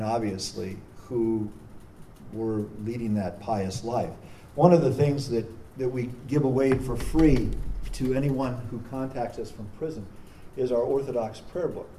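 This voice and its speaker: A man's voice: medium pitch, dark tone. A man speaking as a prison chaplain, telling a story earnestly, with frequent restarts. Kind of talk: storytelling talk. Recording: distant mic with faint noise.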